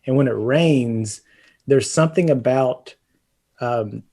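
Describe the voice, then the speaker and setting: Slow and mellow, a mid-range male voice belongs to the co-host of an easygoing home-repair podcast. His long-winded roofing chat keeps stumbling into fillers and restarts.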